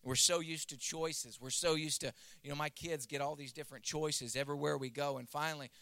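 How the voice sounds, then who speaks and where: Earnest higher-voiced male pastor preaching. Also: steady tone, a little fast, vocal fry, sharp tone, no room sound. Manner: earnest preaching with stories and prayer, rising emphasis. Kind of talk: sermon.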